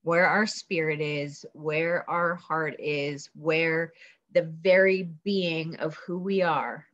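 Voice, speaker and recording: A woman's voice: low voice, fairly even intonation, slow pace, fairly bright tone. A woman giving a motivational coaching talk on a video call, earnest and rambling with many fillers. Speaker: team leader coaching on a business call. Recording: dull lo-fi call audio.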